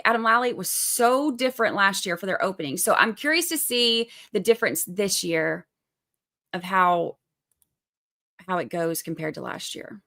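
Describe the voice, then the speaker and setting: Southern woman from Georgia, livestream host; bright, forward tone, chatty, explains things plainly. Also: medium pitch, vocal fry. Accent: Southern American (Georgia). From Georgia, USA. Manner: chatty and upbeat, explains court steps plainly. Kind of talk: casual livestream commentary, reading viewer chat. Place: indoors, away at the beach this week.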